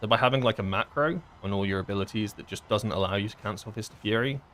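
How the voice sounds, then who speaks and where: A man's voice: fairly low pitch, fast, fairly bright tone, a little hiss or hum. A man streaming a game and explaining mechanics in a casual, rambling way with lots of fillers. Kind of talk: casual gameplay commentary.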